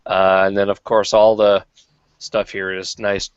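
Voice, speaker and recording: Profane, rambling low-voiced male host. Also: flat delivery, a little slow, smooth, no room sound. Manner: profane, rambling, frequent fillers. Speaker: podcast host. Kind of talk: casual chat. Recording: dull lo-fi podcast audio.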